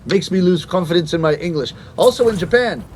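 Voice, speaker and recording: A middle-aged man from Canada tells stand-up stories in a notably high voice, lively and acting out the people he meets. Loud gunfire and game noise rattle behind him the whole time. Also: brisk. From Canada, Toronto. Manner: animated storyteller who acts out voices. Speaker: stand-up comedian. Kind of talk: stand-up comedy routine.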